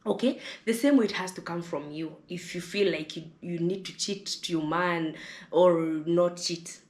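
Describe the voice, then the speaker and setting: A woman's voice: lowish voice, normal speed, reverberant. A Kenyan woman vlogger speaking to camera in an impassioned monologue, fiery and preachy, often repeating words as she gets heated.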